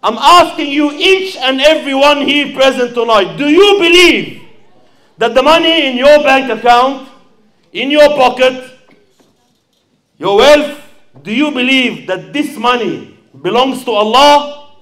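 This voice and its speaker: A man's voice: very high-pitched, measured pace, fairly bright tone. A man giving an impassioned fundraising sermon, calling out to the audience and acting out a story. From Sydney. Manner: impassioned, calls out to the crowd and acts out a story. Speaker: fundraising preacher.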